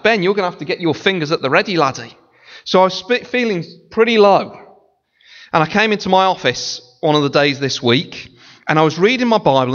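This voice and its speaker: A high-voiced man preaching with a lively, swooping delivery. He keeps it playful and chatty, slipping into mimicry of others. The recording is muffled and lo-fi, with the long echo of a large church hall. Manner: animated, playful, breaks into sung snippets and mimicry. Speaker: pastor. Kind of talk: sermon. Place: church sanctuary. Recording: dull lo-fi sound in a large reverberant church hall.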